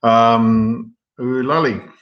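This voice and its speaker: A man's voice: medium pitch, steady tone, drawn-out words, echoey room, dull audio. A man hosting a live question and answer stream, reading viewer questions and answering them frankly, with many ums and restarts. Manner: frank and blunt, reads viewer questions aloud then answers.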